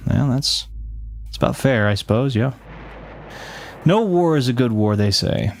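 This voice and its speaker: A man's voice: mid-range voice, lively intonation, a little slow, vocal fry, long pauses, slight background noise. Rambling man streaming a game. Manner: rambling, frequent restarts and self-corrections; reads game text aloud between chatting with viewers. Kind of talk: casual gameplay commentary with live chat.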